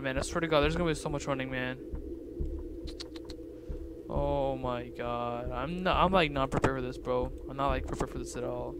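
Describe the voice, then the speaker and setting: A young man commentating a game, jittery, swinging from hushed mutters to loud yelps. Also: medium pitch, normal speed. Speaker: gaming YouTuber. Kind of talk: let's-play commentary. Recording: loud noise behind voice.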